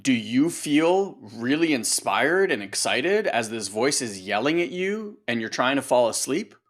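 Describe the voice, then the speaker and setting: A man talking casually as a coach on a podcast, animated and conversational. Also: mid-range voice, a little slow. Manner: animated, acts out voices, conversational. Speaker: coach and co-host.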